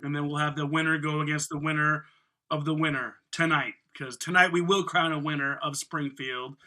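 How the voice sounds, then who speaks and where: A man's voice: on the high side, steady tone, normal speed, pushed and bright. A man hosting a casual podcast, announcing tournament brackets playfully and chatting with co-hosts. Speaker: podcast host.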